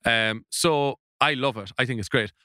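A man playing a comedy panel guest, telling absurd stories deadpan. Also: medium pitch, moderate pace, smooth, no echo, studio quality. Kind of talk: deadpan comic banter.

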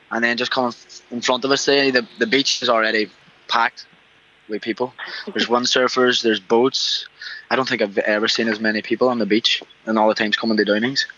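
A man's voice: mid-range voice, dull audio. A Northern Irish man, a restaurant owner, talking easily in a radio interview from outside his seaside restaurant. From Northern Ireland. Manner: relaxed, easygoing storyteller.

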